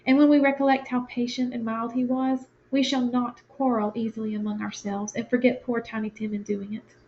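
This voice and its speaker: A woman's voice: fairly high pitch, level tone, fairly quick, a little hiss or hum, close to an everyday voice. A woman reading the part of a young son who answers his father earnestly. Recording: lo-fi, dull sound.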